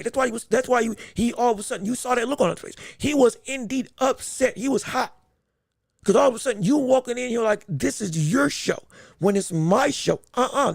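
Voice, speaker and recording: Gravelly, emphatic man hosting a boxing podcast. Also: very high-pitched, dry recording, clean studio sound. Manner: emphatic, repetitive, stumbling restarts. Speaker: podcast host.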